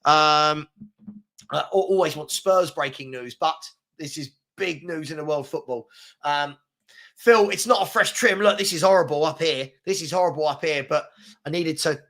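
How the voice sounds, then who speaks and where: Chatty bright-voiced man hosting a live chat. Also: a little high, normal speed. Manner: chatty, rambling, repeats himself, slangy. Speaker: football chat show host. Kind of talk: casual live-stream chat reading viewer comments.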